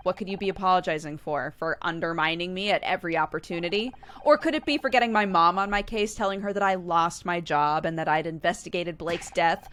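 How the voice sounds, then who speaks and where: A woman's voice: fairly low pitch, brisk, few pauses, fairly bright tone, a little hiss or hum, lightly acted. A woman reading a sarcastic defiant heroine. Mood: bitter. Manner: cutting, sarcastic. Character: bitter, defiant young woman detective.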